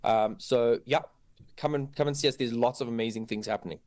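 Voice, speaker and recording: A man's voice: mid-range voice, fairly quick, a little mellow, no echo. Hesitant male guest, dry sound. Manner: hesitant, full of fillers. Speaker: creative director guest. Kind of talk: radio interview.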